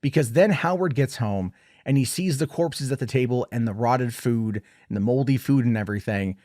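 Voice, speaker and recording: A man giving a casual, rambling film review, retelling scenes in an animated way. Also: medium pitch, normal speed, no echo, studio quality.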